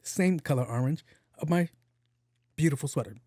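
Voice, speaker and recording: A man hosting a podcast, telling a comedic story in a casual, profane, animated way and acting out the dialogue. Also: a little high, normal speed, dry recording, studio quality. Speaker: podcast host.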